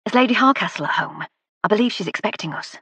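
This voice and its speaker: A genial, talkative middle-aged man with a Lancashire accent, as a woman narrator puts him on. His voice carries a touch of husky breath and stays friendly and easy. He talks freely and warmly to his hosts. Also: medium pitch, expressive, fast, dry recording, voice pushed up, exaggerated voice. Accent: northern English, Lancashire. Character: affable middle-aged northern male film producer.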